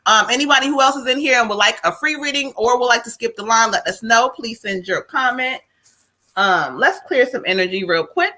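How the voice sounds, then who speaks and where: Animated, bright-voiced woman live-stream host. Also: on the high side, a little fast. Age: middle-aged. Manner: lively, loud exclamations and laughter. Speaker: host and psychic medium.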